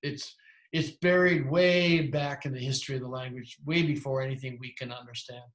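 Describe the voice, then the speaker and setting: A man's voice: mid-range voice, fairly even intonation, a little fast, fairly bright tone, reverberant. A man teaching a language class, explaining at length with frequent restarts and self-corrections. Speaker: Greek teacher. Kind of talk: lecturing in a class.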